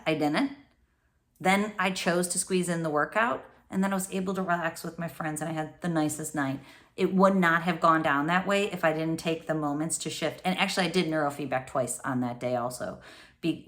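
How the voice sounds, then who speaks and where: A woman in her forties with a somewhat low voice, talking alone on a podcast. She tells personal stories in a chatty way and rushes ahead when she gets animated. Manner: chatty, storytelling, speeds up when excited. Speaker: podcast host and neuroscientist coach. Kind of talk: solo podcast monologue.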